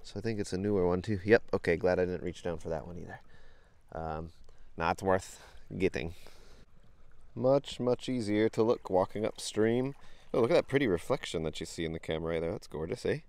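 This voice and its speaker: A man's voice: sits low, a little mellow. Chatty man in a creek. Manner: chatty, easily delighted, laughs often. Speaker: vlogger bottle hunting in a creek. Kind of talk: casual narration to camera. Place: outdoors in a creek. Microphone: handheld camera.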